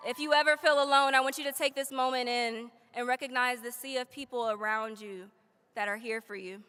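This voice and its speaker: High bright woman speaking in a big echoing hall. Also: fairly quick, smooth. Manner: energetic call-and-response affirmations; casual, playful asides to the crowd. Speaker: commencement speaker. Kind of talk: motivational commencement speech. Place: large graduation ceremony hall. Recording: long reverb of a large hall.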